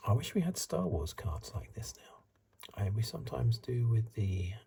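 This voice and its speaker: A middle-aged man hosting a soft-spoken ASMR card review, rambling in asides and drifting into whispers, recorded close to the mic. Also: fairly low pitch, sing-song, unhurried, gravelly, slight background noise. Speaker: ASMR channel host.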